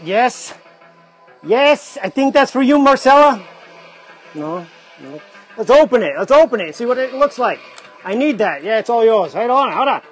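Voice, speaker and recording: A man hosting a casual livestream, excitedly exclaiming over items as he unboxes them on a phone mic. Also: very high-pitched, moderate pace, pauses often, breathy edge, faint music behind. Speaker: livestream host.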